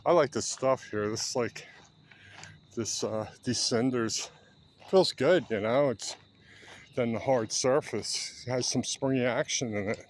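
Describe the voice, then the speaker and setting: A man's voice: mid-range voice, measured pace, slight background noise. A man in his seventies chatting casually while walking a park trail, rambling as he goes. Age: 70s. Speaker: vlogger.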